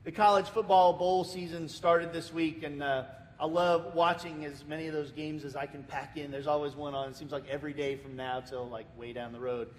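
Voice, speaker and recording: An American man preaching a sermon as pastor, telling a story with lots of repeated words and restarts. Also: fairly quick. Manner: lively storytelling, acting out the people in it. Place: church sanctuary. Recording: reverberant church hall, faint rumble.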